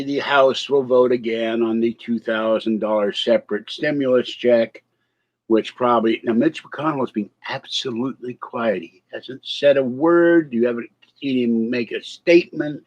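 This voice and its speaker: A vlogger rambles through a casual live stream, distracted and laughing at his own jokes, a little out of breath and with a slight cold. His mid-range voice comes through with lo-fi sound quality.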